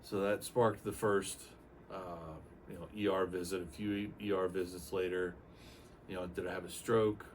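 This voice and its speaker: An older man with a low voice tells his story in a casual, rambling way, acting out bits of dialogue as he goes. The mic sits some way off. A faint hum of room noise runs behind him. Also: normal speed, recorded from a distance. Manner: rambling, animated retelling with acted-out quotes. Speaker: retired Navy aircrewman giving a testimonial.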